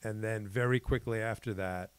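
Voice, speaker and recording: A man's voice: on the low side, steady tone, moderate pace, smooth. A man co-hosting a podcast, chatting casually and rambling through stories with self-corrections. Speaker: podcast co-host. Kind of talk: casual chat.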